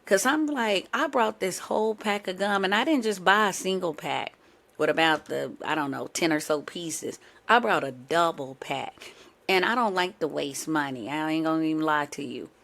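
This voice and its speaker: A woman's voice: low-pitched, moderate pace, vocal fry, a bit bright. A woman hosting a podcast, telling a casual story full of asides and self-corrections. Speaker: podcast host. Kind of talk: casual chat.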